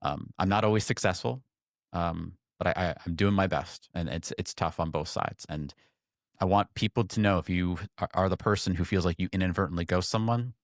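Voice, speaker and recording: A man in his thirties, co-hosting a podcast, telling a personal story in a lively way and acting out the voices of the people in it. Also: fairly quick, no room sound, studio quality. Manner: animated, acts out quoted voices in a higher pitch. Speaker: podcast co-host. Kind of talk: casual storytelling chat.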